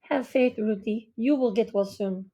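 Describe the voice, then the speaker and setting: A woman's voice: on the high side, unhurried, muffled recording. A woman voicing a polite, earnest young Bengali boy with a light Indian accent. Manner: polite, earnest, soft-spoken.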